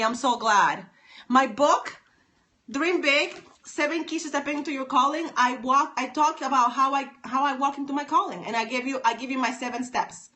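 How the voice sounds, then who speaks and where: Bright upbeat woman streaming live. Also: high-pitched. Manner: upbeat, repeats herself, addresses viewers by name. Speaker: stylist and author hosting a livestream. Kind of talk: live-stream chat with viewers. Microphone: phone.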